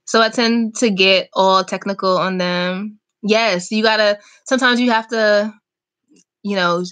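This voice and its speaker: A young woman chatting casually on a live stream, reading and answering viewer comments in an animated, talkative way. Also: medium pitch, measured pace, clear, resonant tone. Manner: chatty, animated, talks back to chat comments. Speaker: vlogger hosting a live chat.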